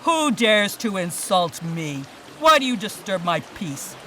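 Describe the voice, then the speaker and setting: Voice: mid-range voice, very animated, a little slow, very noisy. A storyteller voicing a haughty river dragon. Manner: haughty, mocking. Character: boastful male dragon of the river. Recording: distant voice over loud music.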